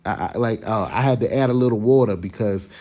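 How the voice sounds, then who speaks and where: Cooking for his family in his home kitchen, a man hosts a casual vlog shot on a phone camera, chatting straight to viewers and restarting sentences. He's a podcast host with a fairly low, dark voice and a quick pace.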